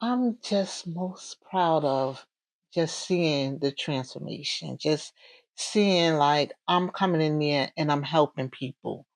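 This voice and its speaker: A woman in her forties with a Northern US accent, a correctional officer talking casually in an interview, bubbly and animated, acting out the voices in her stories. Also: low voice, slow, no echo. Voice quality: bubbly, warm-hearted. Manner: animated, storytelling, acts out quoted voices.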